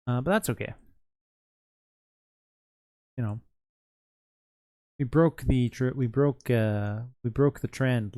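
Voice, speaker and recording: A man's voice: medium pitch, gravelly, warm tone, no echo. A tired man streaming live, rambling casually and answering chat as he runs an online Mafia game. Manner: rambling, responds to chat messages.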